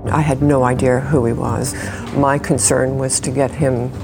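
Deep, flat-voiced woman recalling. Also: measured pace, music in the background. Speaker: witness, nurse. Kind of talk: recounting in interview.

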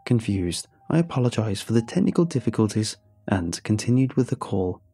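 Man narrating horror in a dark, husky voice. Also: lowish voice, sing-song, soft background music. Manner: measured, suspenseful delivery. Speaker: storyteller. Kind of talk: scripted first-person horror narration.

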